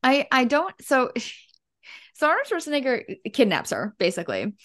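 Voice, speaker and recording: A woman co-hosting a podcast, chatting casually and loosely with plenty of fillers. Her voice sits slightly high for a woman. Her pitch moves around a lot. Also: huge pitch swings. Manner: chatty, halting, lots of fillers and laughs. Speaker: podcast co-host. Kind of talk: casual chat.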